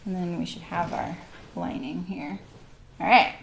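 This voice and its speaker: A woman's voice: lowish voice, steady tone, a little slow, gravelly, a little hiss or hum. A middle-aged woman hosting a live sewing stream, chatting casually and laughing often as she works. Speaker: sewing livestream host.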